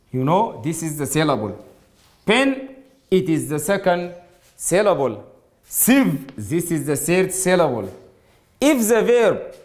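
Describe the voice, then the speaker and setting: Male English teacher, Arabic native speaker, slightly high voice, slow patient delivery to a class. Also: darkish tone. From Sudan. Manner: slow, repetitive explaining, addresses students directly. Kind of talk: classroom grammar lesson.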